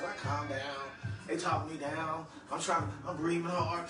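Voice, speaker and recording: Fifties man, casual vlog talker, slightly high voice, distant and roomy with music underneath. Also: sing-song, a little slow. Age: 50s. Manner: loose, chatty storytelling with frequent asides to the listener. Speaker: vlogger. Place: home room he calls his lab. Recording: roomy, far from the mic, music behind.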